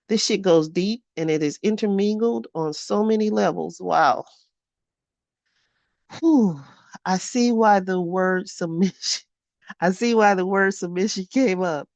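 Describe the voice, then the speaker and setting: A woman's voice: on the low side, a little mellow, dry recording. A woman in her fifties reading her own journal aloud in a candid vlog. She talks frankly, swears freely and often laughs at herself. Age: 50s. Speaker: vlogger.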